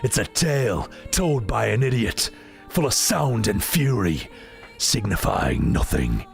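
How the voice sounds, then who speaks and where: A man voicing a rough, earthy medieval man, reciting in a gruff, slow, brooding way. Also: on the low side, very animated, faint music behind, heavily acted.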